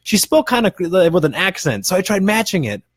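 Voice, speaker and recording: A man's voice: high voice, sing-song, a little fast, dry recording, studio quality. A man in his twenties, a podcast co-host chatting casually, rambling through stories, swearing freely and laughing at himself. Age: 20s. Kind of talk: casual chat.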